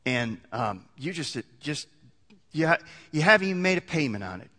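A man in the pulpit, talking his listeners through the point with many restarts and rising emphasis. His voice sits fairly high and sounds bright and forceful. A long reverb from a large hall trails behind every phrase. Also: very animated, moderate pace. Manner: conversational, builds to emphatic peaks with many restarts. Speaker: pastor. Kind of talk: sermon.

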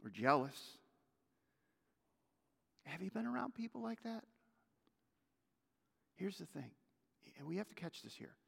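A male pastor delivering a sermon, swinging from loud exhortation to hushed intensity. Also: sits high, big pitch swings, unhurried, vocal fry, pauses often, breathy edge. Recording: long hall reverb.

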